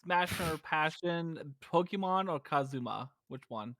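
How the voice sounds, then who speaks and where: High-voiced excitable man on stream. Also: measured pace, dry recording. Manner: excitable, gushing. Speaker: guest player. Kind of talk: casual chat while gaming.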